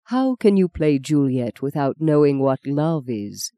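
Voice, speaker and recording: Narrator doing a smooth flirty guy, slow and theatrical, dry close mic. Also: medium pitch, sing-song, mellow, dry recording. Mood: coaxing.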